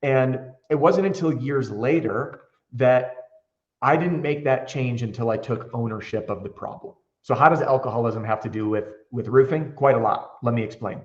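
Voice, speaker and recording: A man's voice: medium pitch, moderate pace, roomy sound, highs cut off. A man who trains roofing salespeople tells candid stories with energy in a casual interview, acting out the dialogue he quotes.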